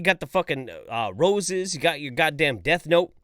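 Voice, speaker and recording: A man hosting a livestream, reading out viewer chats and ranting about them with profanity and exasperation. He swings between loud outbursts and mumbled asides. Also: on the high side, lively intonation, moderate pace, few pauses, no room sound, clean studio sound. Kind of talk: livestream commentary.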